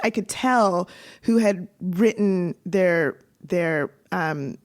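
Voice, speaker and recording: A woman with a mid-range voice co-hosts a relaxed podcast. She talks in an animated, rambling way, full of "like" and quick restarts as she tells a story. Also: mid-range voice. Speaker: podcast co-host. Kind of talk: casual conversational podcast chat.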